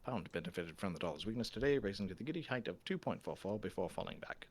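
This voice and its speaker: A man hosting a casual game stream, reading game text aloud and making deadpan jokes. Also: on the low side, fast. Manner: joking, punning, deadpan asides. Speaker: let's play host.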